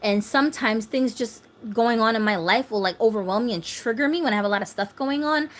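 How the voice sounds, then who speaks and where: A woman's voice: on the high side, a little fast. A woman in her thirties hosting a doll channel, chatting casually on a phone livestream, laughing often and reading viewer comments aloud. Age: 30s.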